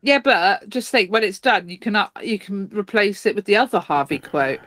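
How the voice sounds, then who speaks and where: A woman's voice: medium pitch, animated, moderate pace, a bit bright, no echo. A young adult woman, co-hosting a podcast in casual chat, sweary and laughing often. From Cornwall. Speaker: podcast co-host.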